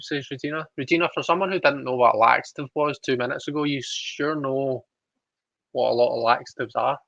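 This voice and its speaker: A man's voice: medium pitch, vocal fry, a bit bright, no echo, muffled recording. A man hosting a livestream, chatting casually, reading out viewer comments with giggly, self-deprecating asides. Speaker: livestream host reading tarot.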